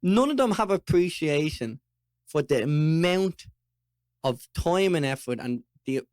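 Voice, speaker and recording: An Irish man co-hosting a podcast, talking in an animated, ranting way while chewing toffee. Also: a little high, unhurried, no echo, clean studio sound. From Ireland. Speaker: podcast co-host. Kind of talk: casual chat.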